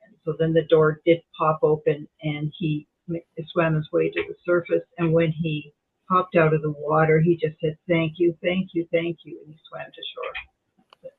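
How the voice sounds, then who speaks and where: A woman on a video call telling her experience in a meditation group, animated and acting out the voices she heard. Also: low voice, moderate pace, husky. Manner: animated storyteller, acts out quoted voices. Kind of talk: casual chat on Zoom. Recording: tinny phone-like call audio.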